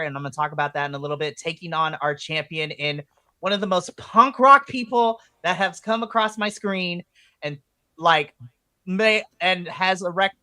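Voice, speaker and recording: A woman co-hosting a podcast, recapping wrestling in casual, excitable chat that swings into loud, animated retellings. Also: low voice, no room sound. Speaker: podcast co-host.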